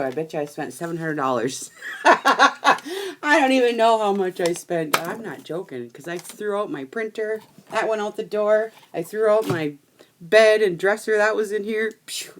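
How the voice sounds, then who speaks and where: A woman's voice: medium pitch, noisy background. A woman hosting a live crafting stream, chatting bluntly with viewers and laughing often as she works. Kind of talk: casual chat while crafting.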